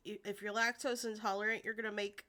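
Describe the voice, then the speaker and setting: A woman's voice: mid-range voice, little pitch movement, quick pace, sharp tone. A young woman streaming a video game, chatting playfully in cutesy baby-talk slang. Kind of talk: casual game-stream chat.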